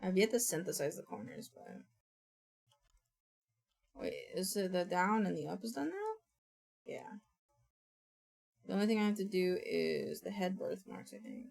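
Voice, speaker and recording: Slow, gravelly woman streamer muttering. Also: medium pitch, lively intonation, darkish tone. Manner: mumbles to herself, thinks aloud. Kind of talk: casual streaming chatter. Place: home streaming setup.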